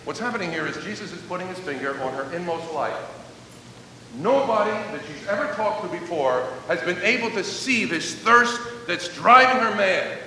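A male pastor delivering a sermon with animated preaching, slowing down to stress key words. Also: far from the mic. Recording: echoey hall, faint rumble.

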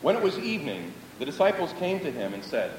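A man's voice: huge pitch swings, fast talker. A man preaching a sermon, earnest and repeating phrases for emphasis. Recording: echoey hall, distant mic, faint rumble.

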